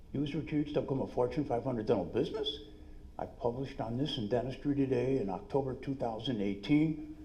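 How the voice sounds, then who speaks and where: Energetic New York man on a seminar stage. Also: lowish voice. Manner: energetic, salesy, quick asides. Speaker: dentist and business speaker. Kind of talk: live seminar talk. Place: conference room.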